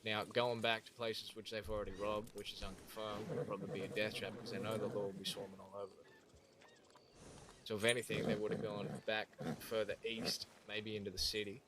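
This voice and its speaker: A man's voice: on the low side, level tone, fairly quick, over a noisy crowd. A man with a blunt, swearing manner, talking through plans in an in-character western roleplay. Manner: blunt, swearing, thinks aloud in long plans. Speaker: lawman player in a western roleplay. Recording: loud game noise with horse hooves.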